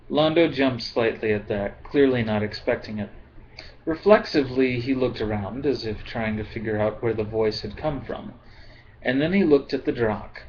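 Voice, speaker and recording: A man reading a novel aloud in a slow, calm way, as an amateur audiobook reader. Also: mid-range voice, muffled recording, slight background noise. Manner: slow, calm, apologetic about his accents.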